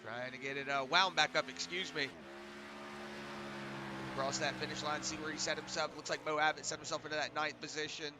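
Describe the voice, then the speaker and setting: A man with a congested, stuffy voice calling sim racing play-by-play, halting and correcting himself as he goes. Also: a little high, little pitch movement, very noisy. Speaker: race commentator.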